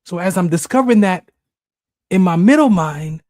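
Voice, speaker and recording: Animated man telling an emotional story. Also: normal speed, dry recording, clean studio sound. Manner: emotional, animated, acts out inner voices in high shouts. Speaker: podcast co-host. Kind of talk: personal storytelling.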